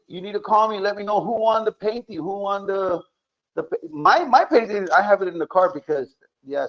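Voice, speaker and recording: Chatty podcast host man, muffled sound. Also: fairly high pitch. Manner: chatty, gives many shout-outs, mixes in Spanish words. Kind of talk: casual podcast chat.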